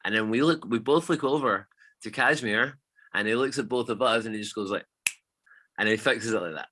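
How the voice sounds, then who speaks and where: Animated DJ telling stories. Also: male voice, on the low side, brisk. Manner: animated, swearing storyteller. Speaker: DJ guest. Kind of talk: casual storytelling chat.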